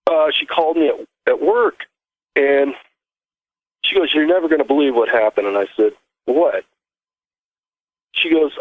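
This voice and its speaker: A man calling in to a show and telling a long story in a halting, rambling way, full of restarts. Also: medium pitch, no room sound. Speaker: caller. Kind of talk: casual call-in storytelling. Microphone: phone. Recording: tinny dry phone line.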